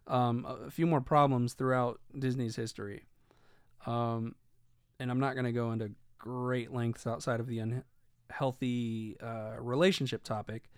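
Rambling, cursing man with a smooth voice. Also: medium pitch, no echo, clean studio sound. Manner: rambling, profane, many fillers and restarts. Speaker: commentator. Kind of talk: casual commentary.

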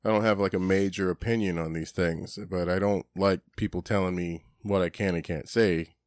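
A man's voice: sits low, fairly even intonation, normal speed, darkish tone, dry recording. A man co-hosting a podcast in casual chat, blunt and profane, rambling with lots of "you know"s. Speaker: podcast co-host.

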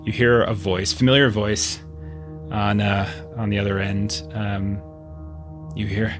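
A man's voice: fairly low pitch, flat delivery, a little slow, music in the background. A man narrating as game master of a tabletop game, loose and repeating words.

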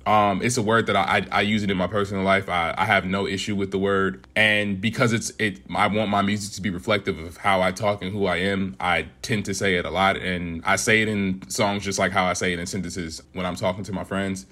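A man, a hip hop artist, answering interview questions in an earnest, measured way and laughing easily. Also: sits low, flat delivery, pushed and bright. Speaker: guest rapper.

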